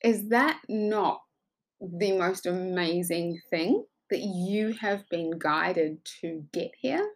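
Woman, lowish voice, gravelly fry, effusive motivational storytelling. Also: slow. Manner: effusive, animated, acts out dialogue in storytelling. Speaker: coach.

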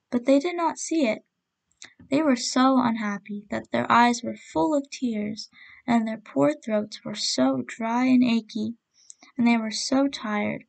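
A woman narrating a folk tale as storyteller host, reading in a gentle, measured way. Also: fairly high pitch, creaky.

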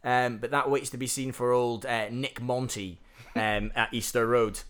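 A man's voice: medium pitch, flat delivery, moderate pace, a bit bright. A young Scottish man co-hosting a football podcast, rambling and sweary in casual chat. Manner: sweary, rambling, laughs easily. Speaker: podcast co-host.

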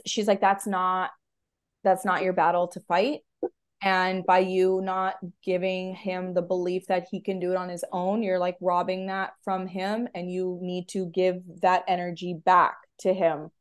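A woman podcast host telling a spiritual story in casual, animated speech full of fillers. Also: lowish voice, normal speed, clear, resonant tone. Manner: animated, filler-heavy, emotional.

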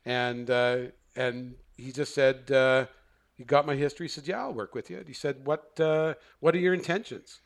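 A man's voice: mid-range voice, moderate pace, gravelly. A man, a therapist, telling a long personal story in a casual interview, rambling and correcting himself, acting out the dialogue he quotes. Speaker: guest, therapist.

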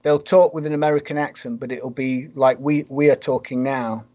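A man in casual conversation, speculating out loud and working through ideas with frequent restarts. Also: medium pitch, steady tone, moderate pace. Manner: speculative, thinking aloud with restarts. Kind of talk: casual chat. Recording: dull lo-fi sound.

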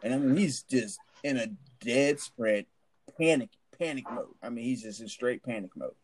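A man's voice: mid-range voice, moderate pace, darkish tone, slight background noise. A man, a former army sergeant, telling a barracks story in a rambling, profane way full of restarts. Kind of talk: casual storytelling chat.

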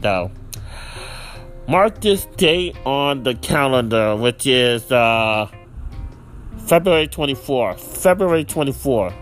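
A man talks casually on his solo podcast, rambling and restarting often. He is lively and laughs easily, and his pitch sits in the middle range. Faint music plays under his voice. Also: slow, long pauses. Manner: rambling, with many fillers and restarts. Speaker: podcast host.

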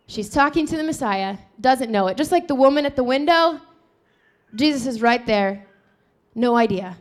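High-voiced woman preaching an animated sermon. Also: normal speed. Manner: animated, acting out scripture dialogue with shifting voices.

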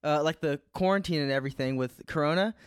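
Young guy, blunt joker, casual storytelling, slightly high, dry close sound. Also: fast talker, clear, resonant tone, no room sound. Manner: loose, joking, blunt, filler-heavy. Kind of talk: casual anecdote telling.

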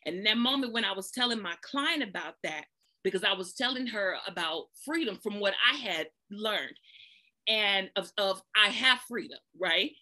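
A woman sharing a casual spoken testimony. She tells a lively story, acts out other people's voices with big pitch jumps and often speaks straight to her listeners. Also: normal speed. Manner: folksy, addresses listeners as "y'all".

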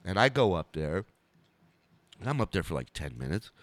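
A man's voice: sits low, normal speed, no room sound. A male comedian telling a story on a podcast, swearing and acting out scenes. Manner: animated, swearing, acts out scenes. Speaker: comedian guest.

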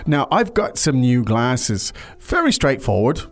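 A man's voice: medium pitch, big pitch swings, measured pace, faint music behind. Chatty man teaching a language lesson. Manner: chatty, explains with restarts and fillers. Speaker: language podcast host.

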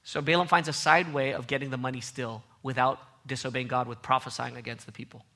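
A man preaching a sermon with emphatic repetition, his voice swinging from loud outbursts to soft low passages. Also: fairly even intonation, quick pace. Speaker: pastor.

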